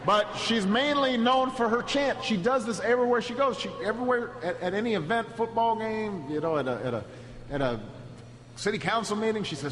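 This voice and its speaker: High-voiced man telling a story in an echoey hall. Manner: halting, repeats words at restarts; builds to a rousing, shouted close. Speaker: political speaker. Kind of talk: storytelling speech. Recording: echoey hall with steady background noise.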